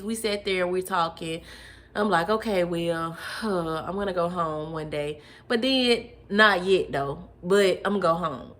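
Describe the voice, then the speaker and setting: A young woman casually telling a personal testimony, addressing listeners as y'all and acting out what she and others said. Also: lowish voice. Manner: animated, addresses listeners as y'all, acts out her own quotes. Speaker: storyteller sharing personal testimony. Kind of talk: casual personal storytelling to viewers.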